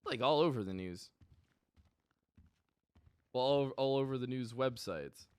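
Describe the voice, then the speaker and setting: A young man streams a police role-play game, chatting casually to viewers and rambling with lots of swearing and frequent laughter. His mid-range voice has lively intonation and a measured pace, in a smooth, dry recording.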